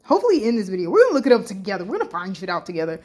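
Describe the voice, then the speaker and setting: A woman's voice: mid-range voice, wildly swooping pitch, very fast, a little mellow. Woman, casual reaction vlog, reads posts aloud, blunt, slangy, swears a lot. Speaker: vlogger reacting to social media posts.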